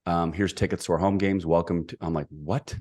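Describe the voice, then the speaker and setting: A middle-aged man telling a personal story as a podcast guest, energetic and emphatic. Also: sits low, fast. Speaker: podcast guest, executive coach.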